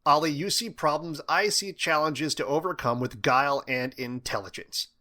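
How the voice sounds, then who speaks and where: A wisecracking teenage boy who spins wild theories, as a man reads him in an audiobook. He talks in a playful, conspiratorial way. The voice is bright and lively. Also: fairly high pitch, normal speed.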